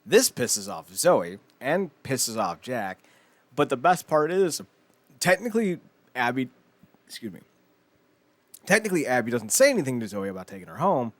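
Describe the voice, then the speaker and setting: A man's voice: mid-range voice, big pitch swings, normal speed, pauses often, no echo. Male podcast co-host, mid-range voice, dry close mic, casual recap chat that stumbles and repeats. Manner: rambling, swears, stumbles and repeats words.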